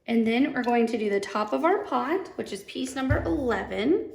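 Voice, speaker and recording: A woman's voice: a little high, animated, normal speed, creaky, darkish tone, slight background noise. A young woman demonstrating machine embroidery, chatty and bubbly, gushing over how cute each step looks. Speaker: sewing instructor. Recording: echoey room.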